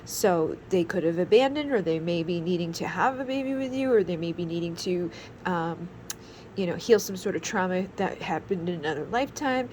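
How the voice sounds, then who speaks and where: A woman's voice: fairly low pitch, lively intonation, brisk, a little mellow, poor audio. Woman tarot reader, casual and rambling, thirties, faint hiss behind. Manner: rambling, many fillers.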